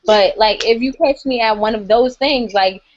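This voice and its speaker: A woman's voice: a little high, moderate pace, highs cut off. A woman co-hosting a casual podcast, blunt and heavy on fillers. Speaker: podcast co-host. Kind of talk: casual drunk chat.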